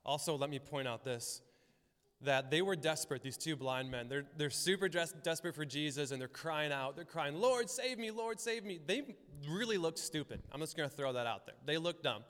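A man preaching in a relaxed, talky way, slipping into the voices of the people in his stories. His voice sits a little higher than most men's. The sound carries a long reverb from a large church hall. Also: brisk, clean tone. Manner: casual and chatty, acts out voices in the stories. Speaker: pastor. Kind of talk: conversational sermon.

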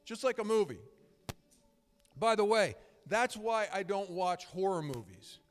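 With a high-pitched, animated voice and a slightly slow delivery, a middle-aged man preaches his sermon. As pastor he is conversational and emphatic, frequently restarting while telling stories, heard with long hall reverb.

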